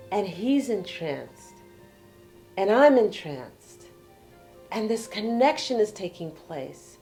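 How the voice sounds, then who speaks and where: A woman telling a personal travel story with animation, swinging from excited to hushed. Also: mid-range voice, takes it slowly, music in the background. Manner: animated, excited retelling that drops to hushed tones. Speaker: storyteller sharing her travels.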